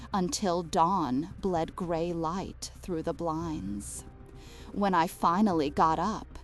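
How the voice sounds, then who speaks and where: A woman reads a horror story in a slow, hushed, deliberate way, drawing each phrase out. Her voice sits fairly low, and quiet music plays underneath. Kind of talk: scripted horror story narration. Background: faint music.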